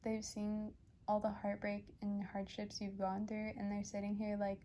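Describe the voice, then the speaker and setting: A woman's voice: medium pitch, monotone, normal speed, dark tone, slight background noise. A young woman giving a casual pick-a-card reading as a tarot reader, chatty and rambling with many fillers and restarts. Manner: emotional, gushing.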